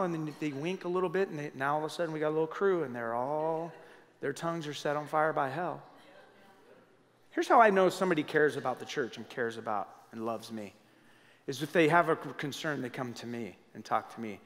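A middle-aged pastor with a slightly high voice preaching in a lively, conversational way, throwing questions out to his congregation. His sermon rings through a hall with a long reverb tail. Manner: conversational, animated preaching with audience asides.

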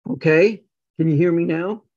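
A man's voice: on the high side, normal speed, dry recording, muffled recording. An older man, a guest on a video call, telling his life story casually and acting out the dialogue with stammered repeats. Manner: animated, acts out quoted dialogue with stammered repeats.

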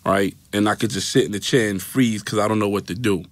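Low-voiced New York man telling his story. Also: steady tone, fast, dry recording. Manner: storytelling, acts out quoted voices, repeats "right?". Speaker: interview guest. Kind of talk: recounting a personal story in an interview. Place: podcast studio. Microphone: studio mic.

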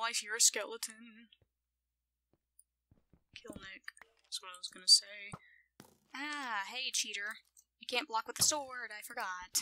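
A woman quietly commenting on her own gameplay, often in a whisper and talking playfully to herself. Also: on the high side, slight background noise, poor audio. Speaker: gaming channel host.

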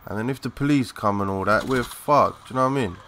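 A young man giving live, excitable commentary over a shooter game, swearing and chatting in slang. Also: on the low side, fast talker, slight background noise. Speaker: gaming commentator.

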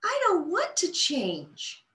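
Storybook ladybug, tiny and shy, squeaky and quivery, very high. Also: wildly swooping pitch, slow pace, fairly bright tone, heavily acted. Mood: pleading, tearful. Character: tiny shy crying female ladybug hiding in a bud. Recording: roomy echo.

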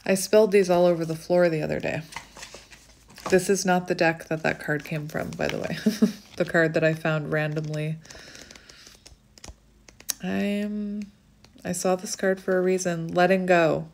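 A woman doing a casual oracle card reading, gushing softly over cards and reading their text aloud. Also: fairly low pitch, steady tone, unhurried, creaky, long pauses, slight background noise. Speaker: tarot reader.

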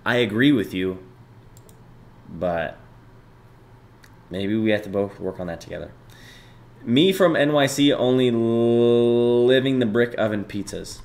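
A man's voice: mid-range voice, unhurried, long pauses, darkish tone. A young man in his twenties chatting casually and profanely with his stream viewers, bantering loosely and reading chat aloud.

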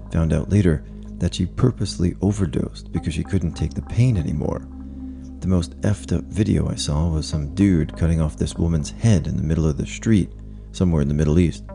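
A man narrating stories in an even, measured scripted read, with faint music behind him. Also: sits low, gravelly. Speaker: narrator reading online stories.

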